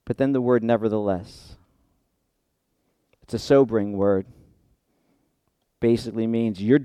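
A male pastor preaching a sermon in church, swinging from hushed asides to loud emphatic peaks. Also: lowish voice, unhurried, long pauses, smooth, no room sound.

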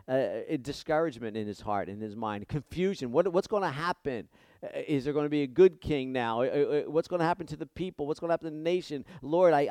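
A man's voice: smooth, no echo. Impassioned male preacher, dry close sound. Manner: impassioned, swings from soft to loud and high when quoting prayers. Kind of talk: sermon.

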